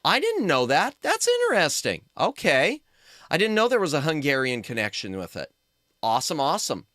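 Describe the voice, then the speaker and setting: A man's voice: fairly high pitch, wildly swooping pitch, normal speed, pushed and bright, no echo, clean studio sound. A man chatting casually with his viewers while streaming, rambling and reacting to chat.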